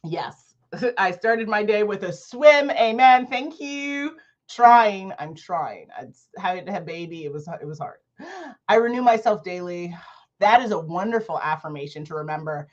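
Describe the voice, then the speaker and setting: A woman in her thirties hosting a casual livestream book chat, animated and laughing often as she reads affirmations aloud. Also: medium pitch, a little slow, lo-fi sound. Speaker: host of an online book club.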